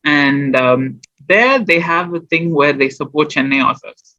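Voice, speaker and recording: Speaking at a measured pace in a slightly high, sharp voice, this guest poet and small business owner discusses publishing his poetry. The interview chat is casual and rambling with fillers and restarts, and the audio sounds dull.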